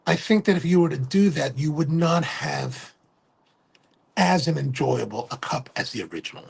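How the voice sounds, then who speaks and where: Middle-aged male livestream host, gravelly and husky, casual rambling talker who self-corrects. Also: fairly high pitch, normal speed. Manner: rambling, self-correcting, keeps asking "right?". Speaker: livestream host and coffee retailer.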